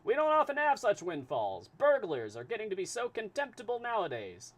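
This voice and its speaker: Casting: man doing a twitchy, dogmatic storybook detective, high and pushy, fast talker. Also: wildly swooping pitch. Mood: eager. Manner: high, loud, fast and insistent. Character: nervous, dogmatic male detective, middle-aged. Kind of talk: live reading of a classic novel.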